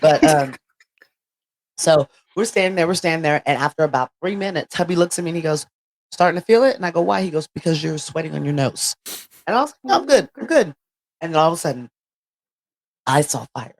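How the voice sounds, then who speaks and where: A woman's voice: deep voice, fast. A woman from California, a podcast co-host, telling a story in casual chat and acting out what people said. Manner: lively storyteller, acts out quotes. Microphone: home podcast mic on a stand.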